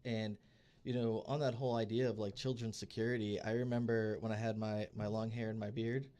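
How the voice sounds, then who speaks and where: Speaking a little fast with a fairly low pitch, this podcast co-host spins lively stories in a studio setting. He chats casually and voices the people he quotes.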